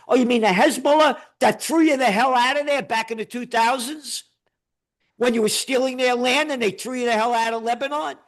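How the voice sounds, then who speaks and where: Gravelly, combative New man. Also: extremely high pitch. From the Bronx, New York. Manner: combative, sarcastic, mocking. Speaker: guest commentator. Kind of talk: heated political rant.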